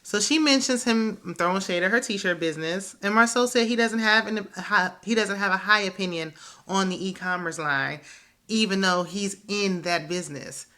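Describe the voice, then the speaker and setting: A woman talks through a reality TV episode in casual, opinionated commentary and laughs often. Her voice is bright and forceful. Her pitch sits in the middle range for a woman. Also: moderate pace. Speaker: reality TV recap host.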